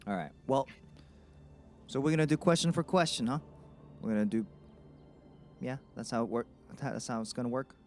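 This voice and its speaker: Animated man role-playing his character. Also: normal speed, pauses often, faint music behind. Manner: animated, stammering, swinging in pitch. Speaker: player. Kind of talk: in-character tabletop role-play.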